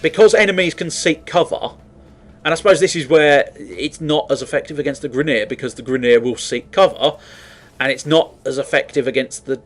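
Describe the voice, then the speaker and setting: Brisk and fairly high-pitched, this man offers loose, rambling commentary over a game. Profanity comes easily, and so does laughter at his own expense.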